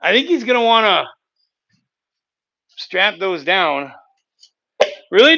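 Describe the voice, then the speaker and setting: Bright-voiced chatty man, lo-fi. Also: high-pitched, big pitch swings, takes it slowly, gravelly, long pauses, no room sound. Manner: chatty, rambling storyteller with sound effects. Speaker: sawmill worker and livestream host. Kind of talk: casual livestream chat and joke telling. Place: outdoors at a sawmill.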